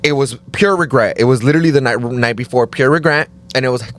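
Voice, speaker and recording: A man in casual conversation, telling a story in an animated way, full of "like" and acted-out quotes. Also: fairly quick. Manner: animated, acts out quotes in higher voices, says "like" often.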